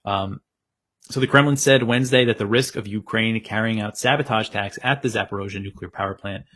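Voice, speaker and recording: Steady male news reader. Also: lowish voice, a little fast. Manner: steady, plain delivery reading quotes. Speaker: news presenter. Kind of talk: news reading.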